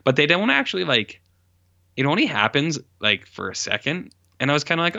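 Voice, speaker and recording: Bright-voiced rambling man in casual chat. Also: a little high, sing-song, fairly quick, vocal fry, no room sound, lo-fi sound. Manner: rambling, lots of "like" fillers and self-corrections. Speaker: podcast co-host reviewing films.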